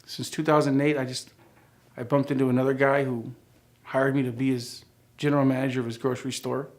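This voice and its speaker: A man's voice: medium pitch, little pitch movement, fairly quick. A middle-aged man telling his life story as a church testimony, acting out the dialogue as he goes. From United States.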